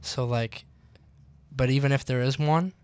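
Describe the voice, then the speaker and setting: This is a male radio host chatting with a guest in the studio, with a smooth, clear voice. He keeps his pitch quite flat and even, and talks in a relaxed, affirming way, with plenty of fillers and restarts. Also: measured pace. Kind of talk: casual conversational interview.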